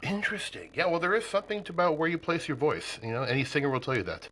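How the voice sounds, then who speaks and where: Upbeat male podcast host from Nebraska, lively, bright voice, laughs easily. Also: on the high side, fast, poor audio. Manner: upbeat and chatty, laughs often. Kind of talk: casual interview chat.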